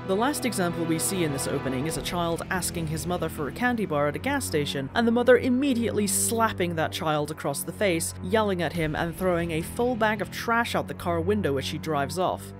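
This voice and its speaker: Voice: mid-range voice, lively intonation, a little fast, few pauses, music in the background. A video essayist giving scripted commentary with sardonic, profane, mocking asides.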